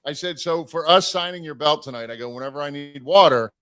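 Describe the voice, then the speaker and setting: A man casually telling a long road story on a live stream, animated and swearing, acting out the people he quotes. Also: on the high side, quick pace, smooth.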